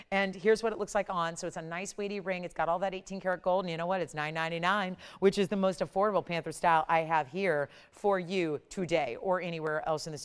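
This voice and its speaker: On a shopping channel, a female jewelry host keeps up upbeat, pushy sales talk during a live broadcast. Her voice is smooth and sits on the low side.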